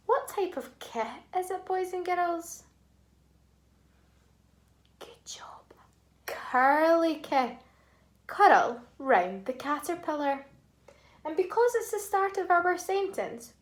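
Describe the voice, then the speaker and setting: A woman teacher with a high, light voice takes a children's phonics lesson at a very slow, deliberate pace. She sounds encouraging and leaves pauses for the little ones to repeat after her. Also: big pitch swings.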